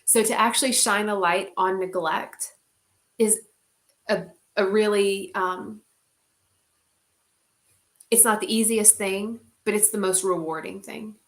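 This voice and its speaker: A woman's voice: mid-range voice, steady tone, slow, pauses often. A woman leading an online group, talking casually, candid and heartfelt, with many "like"s and the odd swear word.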